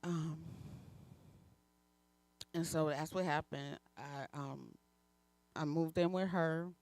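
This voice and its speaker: A woman minister speaks from the pulpit of a church, giving a personal testimony. Her telling is candid and halting, full of pauses and fillers as she works through her story. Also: deep voice, fairly even intonation, darkish tone. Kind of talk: personal testimony within a sermon.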